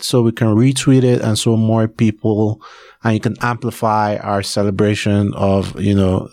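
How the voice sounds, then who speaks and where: A man's voice: fairly low pitch, darkish tone, dry recording. A man hosting his podcast, talking casually and rambling with many fillers. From Nigeria. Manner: chatty, rambling, with frequent fillers. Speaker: podcast host. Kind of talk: casual solo podcast announcement.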